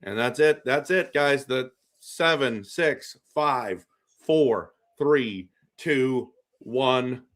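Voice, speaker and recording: A man's voice: mid-range voice, very slow, fairly bright tone. A man hosting a casual live stream, reacting to a hockey game and reading viewer comments, rambling and repeating himself. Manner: rambling, repeats himself, reads chat aloud. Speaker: livestream host.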